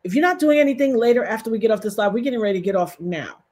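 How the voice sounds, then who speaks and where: Animated woman hosting a livestream. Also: a little high, racing. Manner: animated, talks straight to viewers, reads chat aloud. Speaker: livestream host. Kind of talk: casual livestream commentary.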